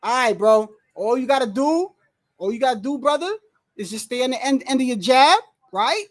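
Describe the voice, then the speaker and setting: A livestream host giving live, excitable commentary while watching a fight, often exclaiming, swearing freely, and talking straight to the fighters and referee. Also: sits high, a little fast. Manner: reads viewer messages aloud.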